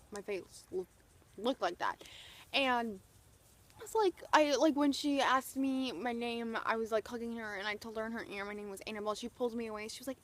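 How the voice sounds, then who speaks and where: A young woman telling an excited story to camera, gushing and peppering her talk with "like". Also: on the high side, a little fast. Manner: breathless, gushing, heavy use of "like". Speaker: vlogger.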